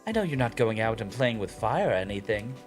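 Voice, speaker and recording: A man's voice: fairly low pitch, big pitch swings, fairly quick, soft background music. A man voicing a playful young woman teacher in a light, lilting, teasing voice.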